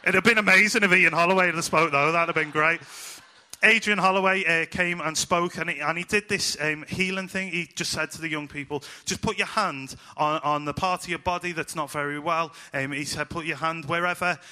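Bright, chatty youth preacher. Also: male voice, a little high, a little fast. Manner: chatty, animated, acts out voices in quotes. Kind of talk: casual storytelling sermon to children.

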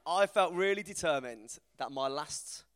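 A man, giving an informal, self-deprecating talk to a church group, animated as he tells stories. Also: on the high side, measured pace, smooth. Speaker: preacher. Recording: reverberant hall.

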